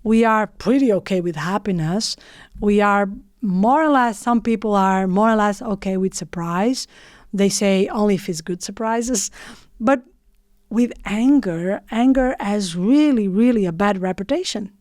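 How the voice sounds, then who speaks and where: A woman giving a reflective motivational talk in short phrases with frequent pauses and non-native English phrasing. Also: medium pitch, darkish tone, dry recording, clean studio sound. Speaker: motivational speaker.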